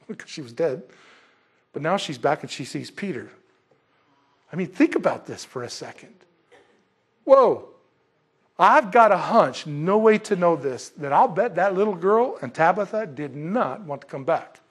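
A husky-voiced man preaching a verse-by-verse sermon. His voice sits a little higher than most men's. He talks to the congregation casually and animatedly, acting out the scenes he describes. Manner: animated, conversational, acts out scenes. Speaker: pastor. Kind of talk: expository sermon.

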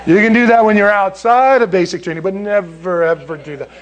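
Pastor, man in his 60s, high-pitched, animated emphatic sermon storytelling. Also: fairly quick. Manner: animated, emphatic, rises sharply when stressing a point.

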